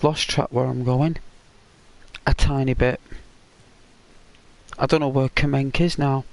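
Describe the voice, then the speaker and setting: A man from the north of England chatting slowly with viewers while he plays a game, in a meandering, relaxed way. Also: medium pitch, gravelly. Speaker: gaming streamer. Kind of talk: relaxed live gameplay commentary.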